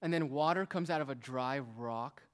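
Here a man delivers a sermon in a mid-range voice at normal speed. He poses rhetorical questions, slips in casual remarks while explaining the text, and alternates emphatically between loud and hushed tones.

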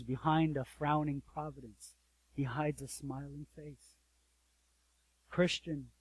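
High-voiced man preaching earnestly. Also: dry recording, low-quality recording. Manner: earnest preaching that swells loud, then drops soft; addresses listeners directly, asks rhetorical questions. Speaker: pastor. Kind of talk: sermon.

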